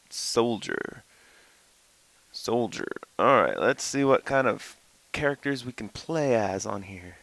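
Young male gamer, slow, goofy, swears a lot, bursts into high yelling; gravelly, bright tone. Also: dry recording, rough recording. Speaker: gameplay commentator. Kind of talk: casual let's-play commentary.

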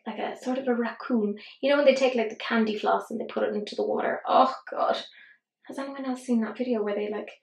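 A woman's voice: fairly high pitch, fairly even intonation, fast. A tired woman chatting casually through a makeup tutorial, rambling, swearing and poking fun at herself. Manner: rambling, sweary, self-deprecating. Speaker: beauty vlogger. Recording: roomy echo.

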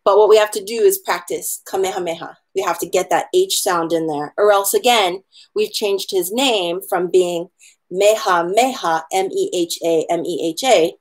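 A hula instructor from Hawaii, with a mid-range voice, teaches an online class. She explains pronunciation in a chatty, encouraging way and slows down to spell words letter by letter.

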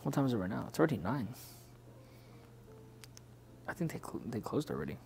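A young man co-hosting a casual podcast, chatty and relaxed, often laughing. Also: mid-range voice, brisk, gravelly, a little hiss or hum. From Pacific islands heritage, Filipino. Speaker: podcast co-host. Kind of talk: casual chat.

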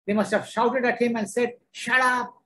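A man's voice: extremely high pitch, flat delivery, a little fast, slight background noise, poor audio. A man preaching a sermon, emphatic and repetitive, driving each point home.

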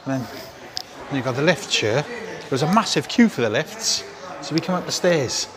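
A man chatting excitedly in a casual travel vlog, full of slang, first from a car and then inside a hotel. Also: a little high, normal speed, crowd noise, rough recording. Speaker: vlogger.

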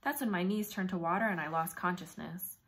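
A woman reading a novel aloud in first person, with brisk, vivid storytelling. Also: fairly low pitch. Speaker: audiobook narrator.

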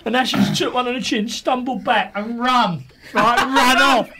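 A man telling comic stories on a podcast, animated and laughing as he goes. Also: very high-pitched, normal speed, background noise. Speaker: podcast co-host. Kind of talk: comic storytelling.

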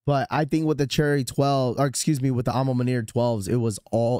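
A man with a hoarse, sore-throat voice hosting a sneaker livestream, talking to his chat in a casual, rambling way full of restarts. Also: medium pitch, steady tone, fast, few pauses, warm tone, no room sound, studio quality. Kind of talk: casual live-stream chat.

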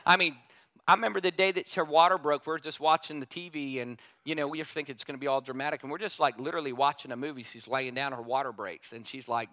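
Male preacher, casual sermon storytelling, gravelly, crisp bright tone, dry close sound. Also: fairly high pitch, fast talker, no echo. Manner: casual and animated, keeps saying "man"; repetitive, emphatic refrains.

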